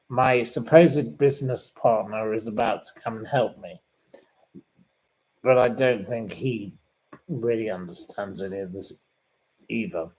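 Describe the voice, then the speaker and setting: Male livestream host, unhurried delivery, easily offended, repeats himself. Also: fairly low pitch, darkish tone, rough recording. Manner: indignant and plummy, repeats himself. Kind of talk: casual live chat reading viewer comments. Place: sitting room.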